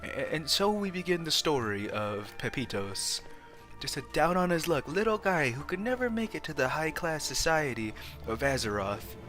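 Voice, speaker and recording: A man's voice: on the high side, expressive, normal speed, a bit bright, faint music behind. A man casually commenting on his gameplay, rambling and joking at his own expense. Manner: rambling, joking, self-mocking. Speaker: let's play host.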